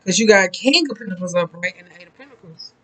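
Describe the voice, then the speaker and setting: A woman's voice: medium pitch, lively intonation, fast talker, bright, forceful tone, rough recording. Chatty woman reading tarot cards, blunt and swearing, rambles on. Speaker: tarot reader. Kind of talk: casual tarot card reading.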